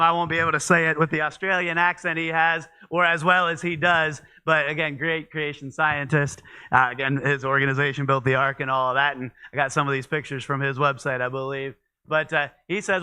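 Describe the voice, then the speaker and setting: Bright, clear-voiced man preaching casually. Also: fairly high pitch. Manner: conversational, with frequent fillers and restarts. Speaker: pastor. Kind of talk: midweek church teaching. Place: church.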